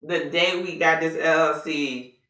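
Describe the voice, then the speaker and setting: A woman tells stories in a casual interview and acts out the other people's voices. Her tone is bright and energetic. She sits a little away from the mic in an echoey room. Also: sits low, a little slow, distant mic. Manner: animated, acts out quoted voices. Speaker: co-founder of a juice business.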